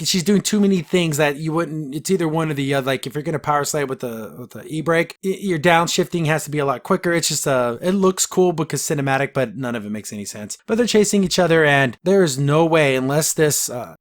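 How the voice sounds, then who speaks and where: Man, mid-pitched voice, chatty podcast host loosely recapping a cartoon and chuckling at it. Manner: rambling, filler-heavy, laughs at the plot, acts out quotes. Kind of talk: casual episode recap.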